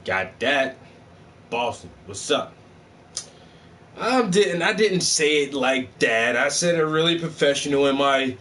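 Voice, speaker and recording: A man chatting casually on a livestream as he paints, animated, mimicking his own phone voices and swearing freely. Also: on the high side, slow, recorded from a distance. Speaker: vlogger and painter.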